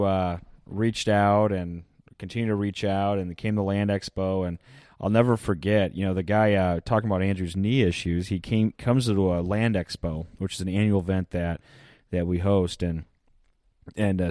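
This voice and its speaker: A man's voice: deep voice, darkish tone, no room sound, clean studio sound. A man with a Midwestern American accent, a podcast guest telling stories in an easygoing way and laughing as he goes. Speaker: podcast guest, land sales manager. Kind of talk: casual storytelling chat.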